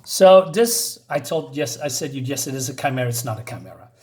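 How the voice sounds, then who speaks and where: A man's voice: medium pitch, expressive, a little fast, a little mellow. A man reviewing a comic book in a chatty, casual way, with many fillers and asides.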